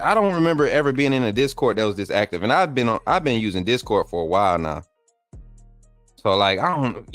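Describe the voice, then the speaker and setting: A man's voice: mid-range voice, fairly bright tone, no room sound. A middle-aged man, hosting a live sports call-in stream in a loose, chatty way, repeating himself and hyping up his viewers. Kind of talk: casual live-stream chat.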